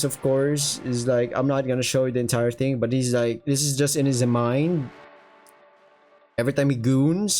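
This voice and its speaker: A man's voice: medium pitch, darkish tone. Rambling young man reading manga aloud. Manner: rambling, profane, with filler words. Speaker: manga reviewer. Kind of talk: casual manga read-along commentary. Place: home room with windows.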